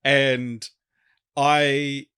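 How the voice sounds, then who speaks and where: Man, casual podcast chat, rambling and hesitant, bright voice. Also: mid-range voice, flat delivery, very slow, clear, resonant tone. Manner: rambling, hesitant, laughs often. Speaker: podcast co-host.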